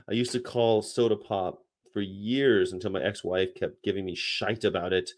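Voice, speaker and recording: A man with a lowish voice chats casually as a livestream host, rambling from one thought to the next. He laughs often and slips into quick impressions of the way people talk in other regions. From United States. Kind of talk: casual chat reading chat comments.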